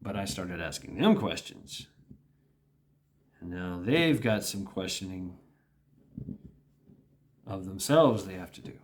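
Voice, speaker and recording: Middle-aged guy rambling on his vlog, lowish voice, repeats himself a lot, faint hiss behind. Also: expressive, slow pace, pauses often. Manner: rambling, repetitive, with laughs and mimicked quotes. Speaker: vlogger. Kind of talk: casual monologue vlog.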